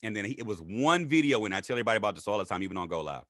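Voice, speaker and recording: A man telling his story in a casual interview, animated and acting out what others said in raised voices. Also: racing, dry recording, clean studio sound. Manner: animated, acts out quotes in high voices. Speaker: guest.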